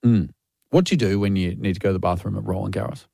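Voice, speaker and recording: A man's voice: low-pitched, fast, creaky, dark tone, slightly rough, dry recording, clean studio sound. Joking man on breakfast radio. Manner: chatty, joking, laughs often. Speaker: radio host. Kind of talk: casual radio banter. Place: radio studio.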